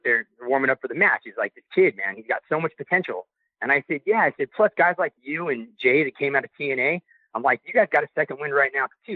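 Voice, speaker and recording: A man telling a backstage story in a casual, animated way, acting out the things people said to him. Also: mid-range voice, dry recording. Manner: animated, acts out quoted dialogue. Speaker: guest recounting backstage experience. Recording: tinny phone line.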